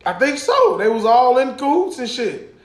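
High-voiced man joking in an echoey room. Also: normal speed. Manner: laughing, profane, animated storytelling. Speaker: podcast co-host. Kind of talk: casual chat.

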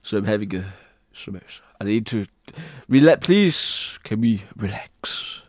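A man's voice: lowish voice, expressive, unhurried, no room sound, clean studio sound. A man doing an impression of a bumbling, older British prime minister, rambling and stammering as he fumbles for words.

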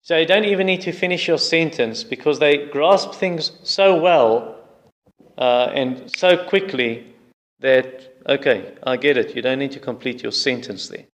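A man's voice: fairly high pitch, measured pace. A man preaching a sermon in an earnest, explanatory way.

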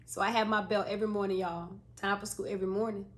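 Speaking fast in a mid-range voice, a woman in her thirties co-hosts a podcast. The conversation is casual, and she relays family stories in a lively way with plenty of laughter.

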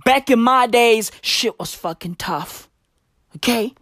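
A woman's voice: a little high, slow, fairly bright tone. A woman doing a rambling, profane comic monologue in a slangy dude persona.

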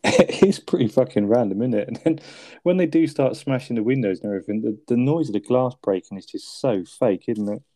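A man's voice: mid-range voice, brisk, dark tone, dry recording. A man chatting casually about a film on a podcast, laughing often and asking his co-host to agree.

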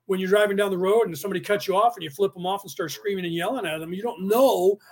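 A man's voice: sits high, fast talker, darkish tone. A man in his fifties hosting a podcast, talking through his ideas in a rambling casual lecture full of fillers and restarts. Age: 50s. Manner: acts out angry drivers in quoted outbursts. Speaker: podcast host.

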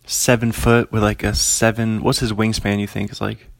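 A man's voice: on the low side, level tone, normal speed, vocal fry, no room sound. A man hosting a casual solo podcast from his apartment, rambling in a laid-back way with lots of fillers. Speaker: podcast host. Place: home apartment.

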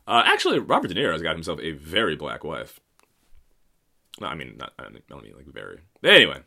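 A man's voice: a bass voice, huge pitch swings, quick pace, vocal fry, pushed and bright. Rambling, profane man in his thirties. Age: 30s. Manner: rambling, profane, self-mocking. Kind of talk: casual monologue.

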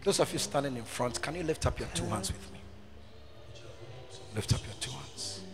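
A man, the pastor, leading a prayer and an altar call in church, swinging from hushed pleading to shouted appeals. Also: medium pitch, lively intonation, moderate pace, creaky, long reverb tail, music in the background. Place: church service with music behind.

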